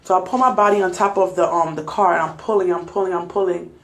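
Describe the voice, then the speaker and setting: A woman's voice: lowish voice, fairly even intonation, fast talker, echoey room. A young adult woman vlogger, shaken and laughing nervously, retelling a scary night to her viewers on a phone. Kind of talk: casual storytelling to viewers.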